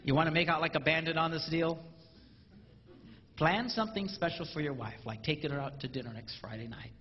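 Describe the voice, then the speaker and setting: A man doing a stand-up comedy routine, animated and acting out spouses in mimicked voices. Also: a little high, brisk, noisy background. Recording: roomy live hall, dull lo-fi sound.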